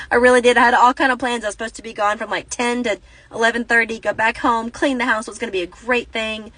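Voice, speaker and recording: Woman, 30s, casual Christian vlogger, bright tone, close dry phone sound, rambling storyteller. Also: fairly high pitch, steady tone, fast, no room sound, low-quality recording. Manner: rambling, self-correcting, laughs through the story. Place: inside a parked car.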